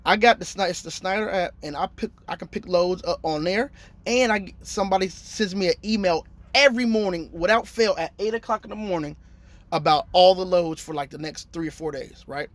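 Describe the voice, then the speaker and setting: A man's voice: high-pitched, brisk. A man in his thirties, a truck driver telling a story in a casual, slangy vlog and acting out his phone calls.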